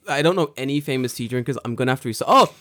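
A young man in casual chat, swearing freely, excitable and laughing often. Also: mid-range voice, rapid-fire. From United Kingdom.

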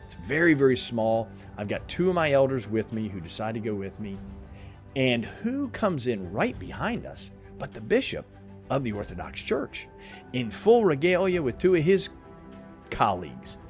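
A man's voice: mid-range voice, big pitch swings, normal speed, faint music behind. A man hosting a faith podcast, telling a story earnestly and acting out what people said. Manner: earnest, emotional, acts out quotes. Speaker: podcast host.

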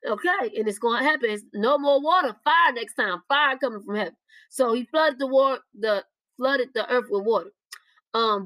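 A woman's voice: sits high, lively intonation, normal speed, a bit bright, dry recording, rough recording. A woman preaching a podcast sermon, urging listeners with repeated warnings and direct appeals. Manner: urgent, repetitive exhortation, speaks directly to listeners.

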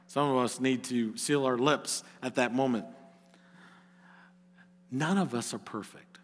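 A man's voice: medium pitch, unhurried, long reverb tail. A middle-aged male pastor preaching a sermon, earnest and at times rising to emphatic exhortation.

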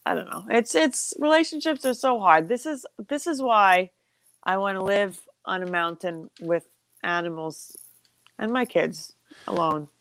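A woman's voice: mid-range voice, measured pace, fairly bright tone, dry recording. Sympathetic woman in casual chat. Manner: sympathetic, reassuring listener. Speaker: podcast co-host.

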